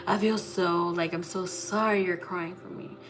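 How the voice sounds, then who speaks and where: A woman quoting her smug ex-boyfriend in a soft, falsely sorry tone, with faint music behind her. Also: fairly low pitch, steady tone, a little slow, close to an everyday voice. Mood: mock apologetic.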